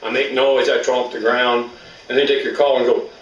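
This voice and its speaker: A man's voice: mid-range voice, level tone, moderate pace, lo-fi sound. Plainspoken elk-call instructor, man, caught from a distance with echo and background noise. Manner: plainspoken, folksy, rural grammar. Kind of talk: outdoor hunting instruction.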